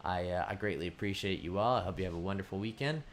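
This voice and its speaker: A man from the Boston area hosting a casual livestream, relaxed, with many fillers, reading viewer questions aloud and answering them. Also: sits low, fast talker, slight background noise. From Boston area, United States. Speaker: livestream host.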